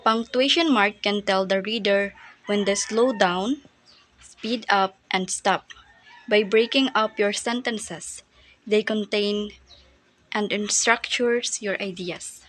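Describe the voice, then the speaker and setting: A woman with a Filipino accent teaching a grammar lesson, reading aloud slowly with fillers and restarts. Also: mid-range voice, fairly bright tone, low-quality recording. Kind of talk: classroom lesson.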